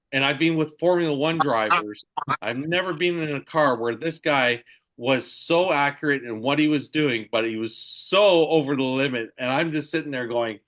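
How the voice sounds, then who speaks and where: A man, a podcast host, telling a story in a casual, halting way with many restarts. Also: on the high side, sharp tone.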